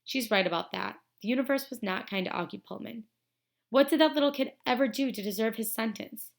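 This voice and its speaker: A woman teacher reading a novel aloud to students in a steady, expressive storytelling manner. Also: on the high side, brisk, gravelly.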